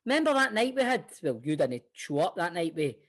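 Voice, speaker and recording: A man's voice: high voice, sing-song, brisk, a bit bright. A Scottish man hosting a football podcast, bantering casually and swearing freely. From Scotland. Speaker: podcast host.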